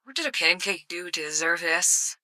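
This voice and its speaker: A woman's voice: on the low side, animated, normal speed, bright, forceful tone, no echo. A woman live-streaming casual commentary, sarcastic and swearing freely with mock outrage.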